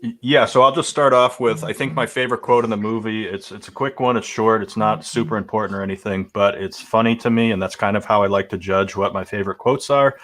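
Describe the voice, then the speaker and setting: A man's voice: on the low side, fairly even intonation, fast talker, hardly any pauses, fairly bright tone. A man on a casual movie podcast panel, chatty and laid-back, telling his favorite movie moments with amusement.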